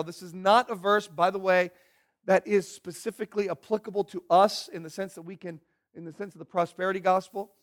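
A pastor preaching a sermon in an earnest, questioning way, often stumbling and repeating his words. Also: high voice.

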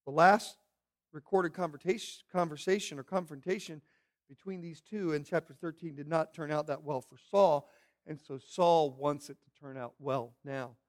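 A man preaching a sermon as pastor, animated and acting out characters' voices as he teaches. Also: fairly high pitch, moderate pace.

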